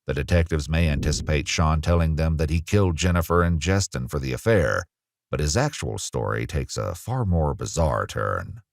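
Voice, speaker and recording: A man narrating a true crime documentary in a measured, grave manner. His voice is extremely deep, and the voice-over is close and dry. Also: lively intonation, gravelly, dry recording.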